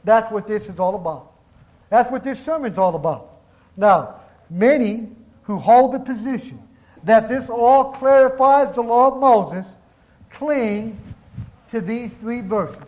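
A man preaching a sermon, reading scripture aloud and stressing key words slowly, calling the congregation brethren. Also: extremely high pitch, lo-fi sound.

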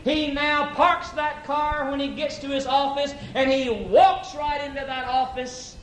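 A man's voice: very high voice, a little slow, fairly bright tone, reverberant, slight background noise, rough recording. A man preaching a folksy, emphatic sermon at an evening church service, telling a story and acting out its characters.

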